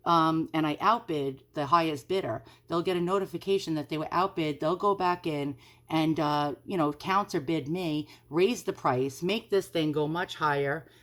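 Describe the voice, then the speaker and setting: New lady rambling on her home vlog, kinda low voice, repeats stuff. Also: normal speed. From New York. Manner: chatty, rambling, repeats herself. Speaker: antiques vlogger. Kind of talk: casual chat to camera.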